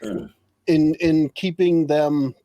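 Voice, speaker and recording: A man playing a tabletop game, calmly explaining what his character does. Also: fairly high pitch, no room sound, rough recording. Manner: measured, explaining his plans. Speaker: player.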